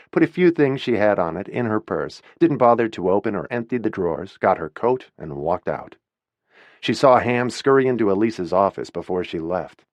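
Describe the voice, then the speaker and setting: A man reading a novel aloud as an audiobook narrator, with an expressive storytelling delivery. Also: on the low side, dry recording.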